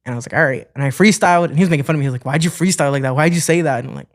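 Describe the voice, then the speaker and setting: As a guest in an interview, a young man from Ohio who plays music recounts stories and acts out what others said with lots of energy. His pitch is fairly high and he talks very fast.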